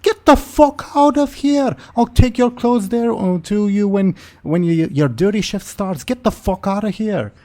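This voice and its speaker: A man's voice: very animated, normal speed, warm tone. A man voicing a foul-mouthed, angry middle-aged mother in a tabletop game. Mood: furious. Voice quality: shrill, cursing.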